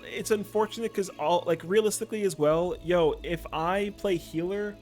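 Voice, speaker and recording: A young adult man, a streamer, telling animated, slangy stories in casual chat. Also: sits high, normal speed, faint music behind.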